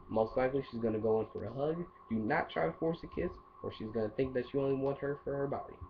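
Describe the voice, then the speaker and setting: A man's voice: medium pitch, fast talker, hardly any pauses. A man giving casual dating advice in a rambling, playful monologue full of asides. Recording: dull lo-fi audio with faint hiss.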